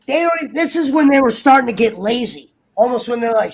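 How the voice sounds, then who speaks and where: A man in casual, heated chat, swearing freely and acting out characters in quick asides. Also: extremely high pitch. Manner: profane, animated, acts out characters in quick asides. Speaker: guest on a TV review talk show.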